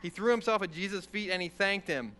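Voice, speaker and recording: A man giving an informal Bible lesson, reading a passage and explaining it in a conversational, animated way, often checking in with the listeners. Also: high-pitched, brisk. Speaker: preacher.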